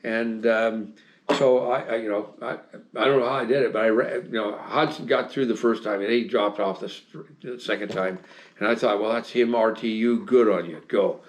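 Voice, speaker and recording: A man's voice: fairly low pitch, fairly even intonation, moderate pace. An American man in his seventies, telling old stories as an interview guest. He rambles, circles back with fillers and restarts, and chuckles as he goes. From United States. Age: 70s. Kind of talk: casual storytelling interview.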